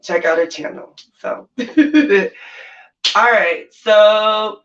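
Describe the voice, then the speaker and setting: Giggly high-voiced man streaming from bedroom. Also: extremely slow, a bit bright. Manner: giggly and effusive, laughing often. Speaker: live-stream host. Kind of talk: casual live-stream chat. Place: his bedroom at home. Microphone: laptop mic at a distance. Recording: dull sound from a distant laptop mic.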